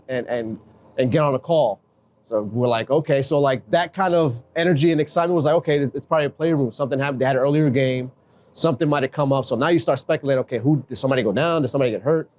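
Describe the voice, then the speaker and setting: A man who is a guest in a podcast interview, telling a story in a casual, animated way and acting out the dialogue he quotes. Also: mid-range voice. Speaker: guest, acting baseball manager.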